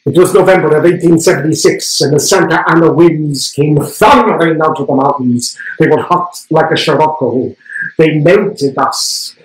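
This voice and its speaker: A proud, weary Polish actress played by a man tells her story in a slightly high voice with a Polish accent. Her delivery is slow and deliberate, and a roomy stage echo hangs around each line. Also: lightly acted. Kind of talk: one-man stage monologue. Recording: roomy theatre stage sound.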